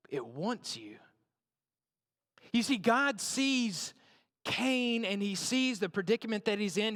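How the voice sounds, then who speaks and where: A man's voice: high-pitched, a bit bright, in a large hall. A man preaching a sermon in a conversational way, often checking in with his listeners. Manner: conversational, repeats and checks in with "right?". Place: church.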